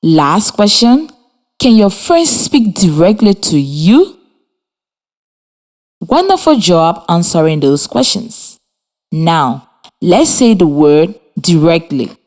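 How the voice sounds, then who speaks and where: A woman from Liberia teaching a children's reading lesson over radio, speaking slowly and clearly with encouragement. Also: fairly low pitch, sing-song, a little mellow. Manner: slow, clear, encouraging, spells and claps out words. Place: radio studio with students.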